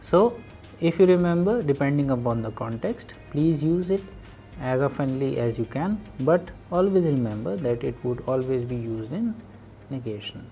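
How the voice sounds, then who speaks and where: A man teaching Russian in a recorded lecture, explaining and translating phrases one by one in a slow, hesitant way. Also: mid-range voice, expressive, dark tone, faint music behind.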